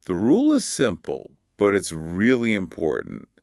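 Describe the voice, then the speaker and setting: A man hosting a podcast, explaining English pronunciation in a calm, measured scripted teaching dialogue. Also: low-pitched, vocal fry, dry recording, studio quality.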